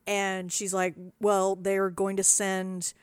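Female podcast co-host, mid pitch, eager recaps, dry close mic. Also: monotone, clean tone, no room sound. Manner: enthusiastic agreement and quick plot recaps. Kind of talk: casual chat reviewing a TV episode.

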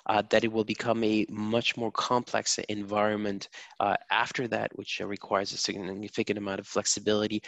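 A man speaking as a guest market strategist, giving financial commentary in a measured way with frequent filler pauses. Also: fairly low pitch, vocal fry, fairly bright tone, no room sound.

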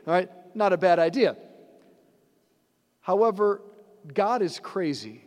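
A man's voice: high-pitched, expressive, unhurried, pauses often, darkish tone. A man giving a conversational sermon as a priest, asking the congregation rhetorical questions. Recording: long church reverb.

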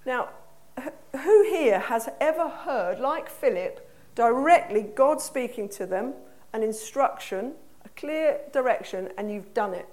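A woman's voice: fairly high pitch, animated, unhurried, a little mellow. A woman preacher with an English accent gives a conversational sermon, putting questions to her congregation in a church hall.

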